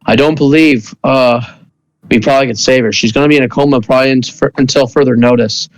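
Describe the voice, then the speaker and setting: A man's voice: medium pitch, steady tone, fast, no room sound, voice pushed down, close to an everyday voice, low-quality recording. A man voicing a somber male hospital doctor delivering bad news in a hesitant, apologetic way.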